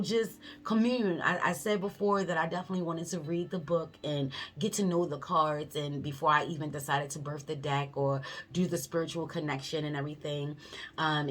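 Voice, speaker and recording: A woman with a fairly low voice shares a spiritual experience on her tarot channel. Her talk is heartfelt and emotional, loose and casual, full of easy slang. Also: slight background noise.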